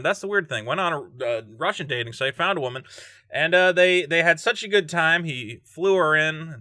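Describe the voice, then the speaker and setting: A man's voice: on the high side, pushed and bright, no echo, studio quality. A man reading and joking through a true-crime story as a vlogger, laughing often and breaking off into asides. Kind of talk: casual true-crime commentary.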